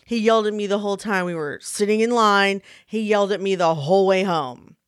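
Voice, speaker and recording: A woman in her forties chatting casually, telling stories with animated, exaggerated emphasis. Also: medium pitch, fairly quick, smooth, no room sound, clean studio sound. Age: 40s. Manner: animated storyteller, exaggerated retelling. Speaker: podcast co-host, mother of a toddler. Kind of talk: casual chat.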